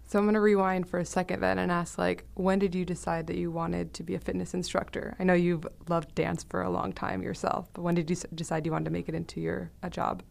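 A woman interviewer asking relaxed, conversational questions with casual fillers. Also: on the low side, fast talker, vocal fry, hardly any pauses.

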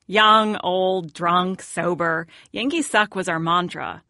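A woman's voice: fairly low pitch, steady tone, takes it slowly, sharp tone, no room sound, studio quality. A woman from New England narrating a sports documentary podcast in a wry, personal scripted style.

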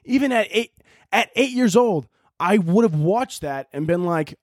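A man in his twenties with a Chicago accent hosts a casual solo podcast, ranting profanely and laughing. His voice is high and animated yet unhurried, recorded at studio quality without room sound.

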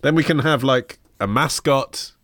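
A man's voice: mid-range voice, measured pace, noisy background. A man hosting a podcast in casual chat, wry and facetious, summing up his co-host's ideas. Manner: wry, facetious, sums things up. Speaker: podcast host.

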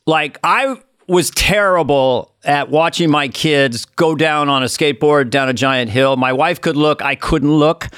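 A man's voice: a little high, unhurried, a bit bright, clean tone, no room sound, studio quality. A middle-aged man co-hosting a podcast, rambling earnestly through stories and questions in casual chat. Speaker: podcast co-host.

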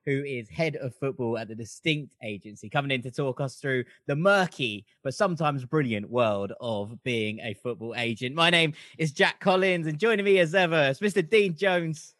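A man's voice: medium pitch, moderate pace, few pauses, a bit bright, dry recording, studio quality. A young man hosting a football podcast, upbeat and chatty in casual talk. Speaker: podcast host. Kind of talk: casual chat.

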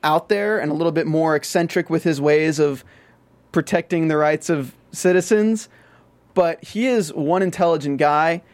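A man's voice: fairly high pitch, normal speed, dry recording. A man from the American South chatting casually about a TV show, rambling with many restarts and fillers. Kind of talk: casual TV recap chat.

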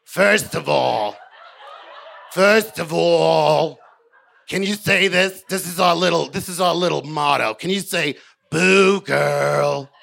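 A woman's voice: deep voice, slow, gravelly, fairly bright tone, pitched above the performer's own voice, full character voice. A man voicing a pushy, fake-cheery female TV producer with a tight, strained throat voice. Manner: bossy and chirpy, barking directions.

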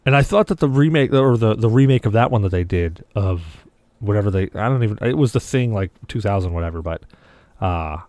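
A man at a middle pitch, chatting loosely as a podcast co-host. He rambles, restarts and swears as he tells his stories. The sound is dry and close, with no room in it. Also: darkish tone, no echo. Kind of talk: casual chat.

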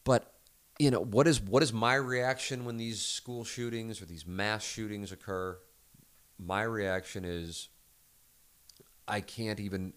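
A man's voice: deep voice, dry recording. A middle-aged American man hosting his own podcast, talking alone in a candid, rambling way with frequent restarts and the odd swear word. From United States. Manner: rambling, candid, self-correcting, profane. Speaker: podcast host. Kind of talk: solo casual monologue.

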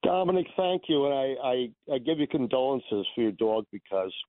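Male call-in listener, halting storyteller, heard over a thin phone line. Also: mid-range voice, very animated, dry recording. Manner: rambling, stammering, storytelling. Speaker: caller. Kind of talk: call-in radio chat.

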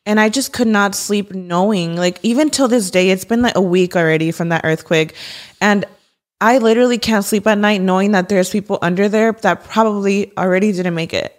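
A woman's voice: medium pitch, brisk. Chatty young woman podcast co-host. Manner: emotional, chatty, calls listener "girl". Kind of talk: casual chat. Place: podcast studio.

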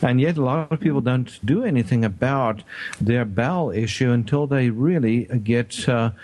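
A male doctor hosting a radio health show talks in a casual, halting way. He often restarts his sentences and fills pauses with fillers, at an everyday mid pitch. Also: a little mellow. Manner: halting, many fillers and restarts, laughs easily.

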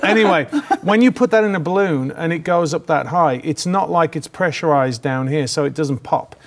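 Higher-voiced joking male co-host. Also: moderate pace. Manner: joking, rambling, self-mocking. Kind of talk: casual political talk show.

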